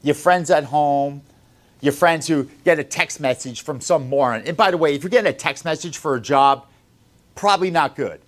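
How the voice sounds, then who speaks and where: A man who runs a sales company, lecturing his staff in a blunt, profane motivational talk. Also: normal speed. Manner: blunt, profane, lecturing, swings between loud and low.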